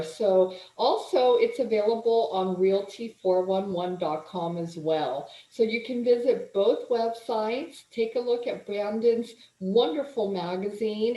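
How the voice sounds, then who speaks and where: A woman, a magazine publisher, hosting an interview and speaking slowly and graciously with encouraging remarks. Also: medium pitch, mellow. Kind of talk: interview host. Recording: dull, echoey remote audio.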